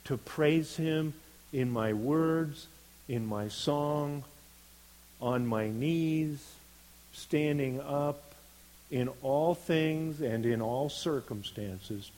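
A man delivers a sermon at a slow, deliberate pace, his voice sitting at an ordinary middle pitch. He speaks earnestly and lets his emphasis swell on the words he wants to land. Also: darkish tone, poor audio. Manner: earnest, unhurried, builds to emphatic stresses. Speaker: preacher.

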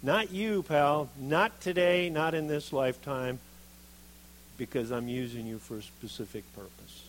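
A man preaching a sermon, reading scripture and acting out the quoted speakers with lively expression. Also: medium pitch, measured pace, slight background noise, poor audio. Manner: animated, acts out quoted voices of Jeremiah and God.

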